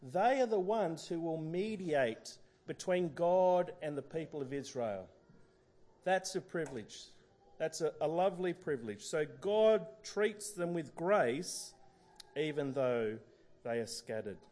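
A man's voice: fairly high pitch, animated, measured pace, darkish tone. A middle-aged man preaching a sermon, talking in a conversational way with frequent fillers and restarts.

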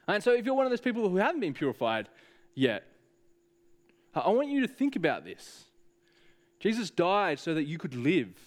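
A man preaching a sermon, speaking earnestly and directly to the congregation with frequent hesitations. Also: sits high.

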